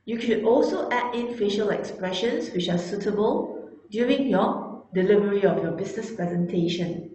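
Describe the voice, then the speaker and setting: Deliberate woman teaching in an echoey room. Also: medium pitch, a little mellow. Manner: deliberate, emphatic, slows down to stress key words. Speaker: instructor. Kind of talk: instructional talk on presenting.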